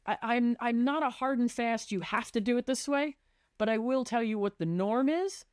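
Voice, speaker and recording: A woman's voice: a little high, normal speed, darkish tone, smooth, no room sound, clean studio sound. A woman who works as a residential designer, chatting on a podcast and animatedly acting out conversations with clients.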